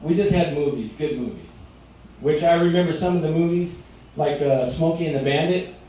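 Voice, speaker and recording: A middle-aged man doing a stand-up comedy set in a restaurant, telling stories in an animated way and acting out shouted quotes. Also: on the high side, moderate pace, slight background noise. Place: restaurant performance space. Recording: very echoey room recorded from a distance.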